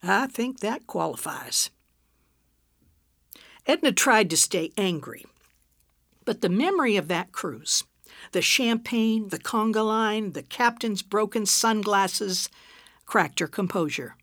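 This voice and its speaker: A woman reading a story aloud at a slow, easy pace. Her voice rises and falls widely as she reads, and the close, dry recording has almost no room sound. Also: mid-range voice, no room sound. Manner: expressive, unhurried reading. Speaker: narrator. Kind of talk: storybook narration.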